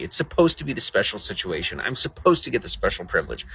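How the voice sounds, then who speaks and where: A man's voice: lowish voice, sing-song, quick pace, gravelly, sharp tone, breathy edge, poor audio. A man live-streaming outdoors at night in the rain, ranting in a profane and sarcastic way to his chat. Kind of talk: late-night livestream rant.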